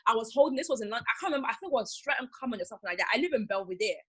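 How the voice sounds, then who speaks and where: A woman's voice: fairly high pitch, racing, husky. A young woman from Nigeria, a makeup artist, chatting casually as a guest and animatedly telling stories. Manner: animated storyteller, acts out callers. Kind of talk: casual chat, storytelling.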